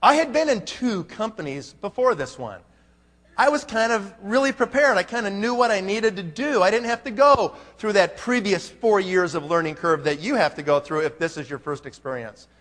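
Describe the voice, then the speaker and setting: A man's voice: sits high, expressive, moderate pace, a bit bright. A man giving a motivational talk at a conference, emphatic and firing rhetorical questions at the crowd. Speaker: conference speaker. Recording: long hall reverb.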